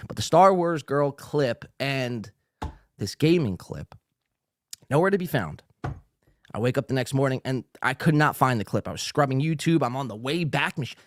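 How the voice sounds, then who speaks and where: Male podcast host, a bit tipsy, rambling profane rant, mid pitch, dry close sound. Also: animated, moderate pace, no echo. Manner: rambling, profane, with frequent fillers and restarts. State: a little tipsy. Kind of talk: ranting casual commentary.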